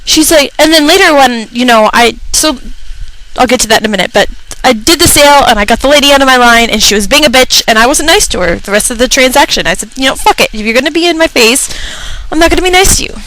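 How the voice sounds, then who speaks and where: A young woman on a talk segment, venting in an exasperated, foul-mouthed comic rant. Her voice sits fairly high, and she slips into the voices of the customers and coworkers she complains about. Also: animated, fast, a bit bright, poor audio. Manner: exasperated, profane, acts out customers. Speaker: radio show personality. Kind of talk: comedic rant.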